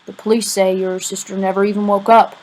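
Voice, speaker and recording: A woman's voice: medium pitch, flat delivery, fairly quick, a little mellow, close to an everyday voice, poor audio. A woman reading as a weary, plain-spoken father. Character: weary middle-aged father breaking bad news.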